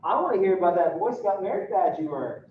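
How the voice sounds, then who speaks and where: Guy putting on a super chipper wholesome tv dad, golly gee everything, high bright voice, echoey far-off mic. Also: very animated, fast, a little hiss or hum. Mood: cheery. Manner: gushing, folksy "golly gee" exclamations. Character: overly wholesome cheerful sitcom dad, middle-aged. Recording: echoey room from a distant mic, dull.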